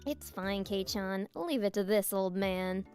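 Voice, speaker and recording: A woman's voice: medium pitch, a little slow, darkish tone, soft background music, lightly acted. A woman voicing a bold, tomboyish teenage girl who talks in a brash, self-assured way. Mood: confident.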